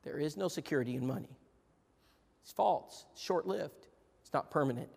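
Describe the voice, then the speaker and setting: A man with a high voice preaches a sermon. He moves between ringing, raised proclamation and low, quiet asides. The sound carries the long reverb of a large church hall. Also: lively intonation, normal speed, gravelly, slightly rough. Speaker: pastor.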